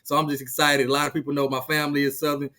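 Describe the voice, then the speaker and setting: A man in his thirties in casual sports talk, excitable, stumbling over his words and repeating himself. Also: on the high side, rapid-fire. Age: 30s. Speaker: guest, rival team insider.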